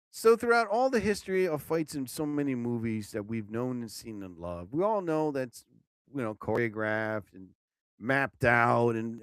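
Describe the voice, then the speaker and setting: A man hosting his own live show, rambling casually and exclaiming loudly as he talks. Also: mid-range voice, clean tone, dry recording, studio quality. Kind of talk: casual live-stream monologue.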